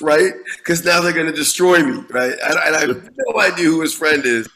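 A man in his fifties, a guest musician telling a lively story in an interview, swearing freely and often restarting with repeated words. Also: fairly high pitch, normal speed, few pauses, rough recording.

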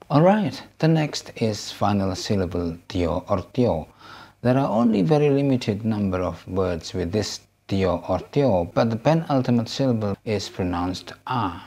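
A man with an Indonesian accent, Javanese by birth, hosting his own channel and teaching pronunciation in a measured, explanatory way, walking through lists of example words. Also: on the low side, sing-song, gravelly, dark tone. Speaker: language teacher, channel host. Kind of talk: scripted lesson narration.

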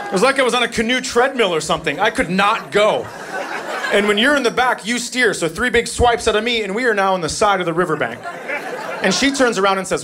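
Exasperated stand-up comic before a crowd. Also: male voice, fast. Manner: deadpan, exasperated, shifts into shrill voices for his wife and kids. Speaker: stand-up comedian. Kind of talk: stand-up comedy set. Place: comedy club stage, audience laughing. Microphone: handheld stage mic. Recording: live club recording with loud audience. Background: crowd laughter and room noise.

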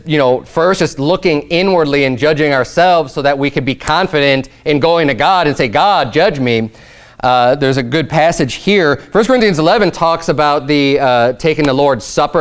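A pastor preaching a sermon in a conversational, earnest way, often restarting his sentences. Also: on the high side. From United States. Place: church sanctuary.

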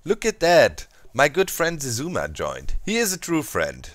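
A man with a German accent hosting a gaming video, talking to viewers in an animated, playfully scheming way. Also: on the high side, unhurried, no room sound. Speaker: Minecraft let's play host. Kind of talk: gaming commentary.

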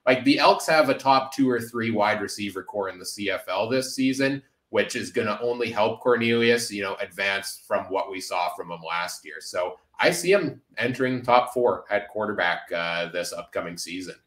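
A man's voice: lowish voice, expressive, moderate pace, hardly any pauses, a bit bright, roomy sound. A man hosting a casual sports podcast, upbeat and full of filler uhs. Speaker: podcast host.

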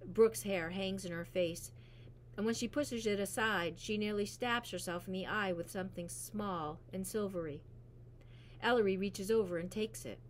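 A woman reading a novel aloud in a steady, even narration. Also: medium pitch, normal speed, a little hiss or hum. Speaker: reader. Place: school library.

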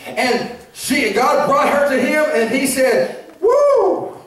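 Man preaching, very high voice, call-and-response, heavy church echo, mic far off. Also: slow. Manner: shouting and laughing, lively delivery. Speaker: pastor. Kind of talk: sermon. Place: church sanctuary. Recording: very echoey church hall, mic at a distance.

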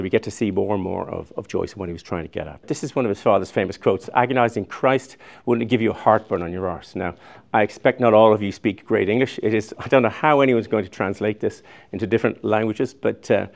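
Older guy giving a lecture, low gravelly voice, rambly and chatty, lots of restarts. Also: a little mellow. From Ireland. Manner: chatty, digressive, with frequent restarts. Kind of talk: recorded public lecture with slides.

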